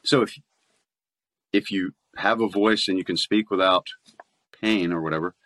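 A man's voice: low-pitched, normal speed, a bit bright. An American man, a voice actor, chatting casually in an interview, laughing often and restarting sentences. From United States. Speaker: voice actor guest.

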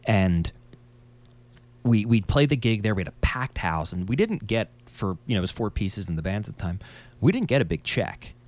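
A man with a low, slightly nasal voice tells a story about his band in a relaxed podcast chat. His pitch swings widely as he gets into it, and he swears freely. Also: moderate pace. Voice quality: a little nasal. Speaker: musician.

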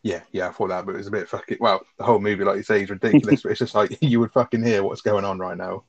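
A man chatting fast and rambling about a film, swearing heavily and laughing. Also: fairly low pitch, fairly even intonation, a little mellow, no echo, highs cut off. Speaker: film review podcast co-host. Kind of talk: casual chat, reacting to a film.

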